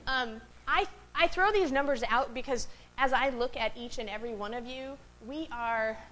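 A woman's voice: on the high side, fairly bright tone, a little hiss or hum, low-quality recording. Woman preaching a chatty sermon. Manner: chatty, asks the room questions, frequent "right?" and "um". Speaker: pastor. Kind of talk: conversational sermon. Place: worship space before a congregation.

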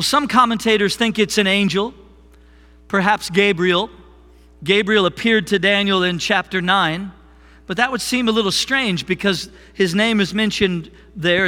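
A man preaching a sermon as worship pastor, earnest, slowing down and softening on key phrases. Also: sits high. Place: church sanctuary. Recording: long reverb of a church hall.

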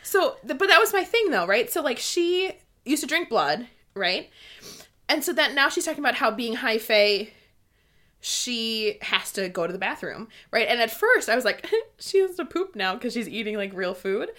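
A woman's voice: a little high, animated, moderate pace, sharp tone. A young woman co-hosting a casual book discussion, bubbly and laughing often as she reads passages aloud. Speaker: podcast co-host.

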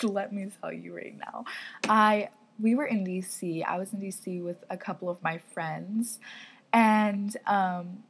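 Her voice mid-range, fairly bright, and a little rough, a young podcast host tells a casual story. She's chatty and giggly, laughing often and filling her speech with "like."

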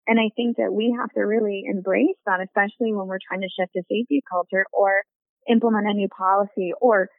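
A woman's voice: medium pitch, steady tone, brisk, dry recording. A woman working in construction safety, answering interview questions in an earnest, reflective way. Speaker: safety professional in construction, guest. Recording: dry tinny phone-like line.

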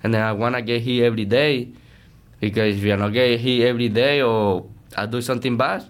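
Earnest man, smooth voice. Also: mid-range voice, a little fast. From Venezuela. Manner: earnest, energetic, broken English. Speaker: baseball player, interview guest. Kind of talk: casual interview chat.

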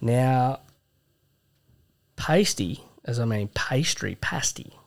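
Gravelly Australian bloke, laid-back banter. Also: male voice, mid-range voice, lively intonation, moderate pace, a little mellow. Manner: laid-back, swears freely, calls people mate. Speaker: podcast co-host. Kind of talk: casual banter.

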